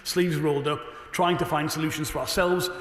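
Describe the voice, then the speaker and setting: A man, a government minister, answering questions in a parliamentary debate with a brisk, assured delivery and a slightly hoarse voice. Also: a little high, steady tone, a bit bright. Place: debating chamber. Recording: echoey chamber with long reverb.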